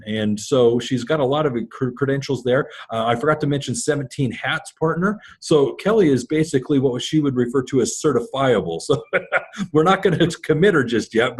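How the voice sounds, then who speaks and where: A man hosting a casual interview, relaxed and joking as he introduces and questions his guest. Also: medium pitch, slightly rough. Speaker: podcast host.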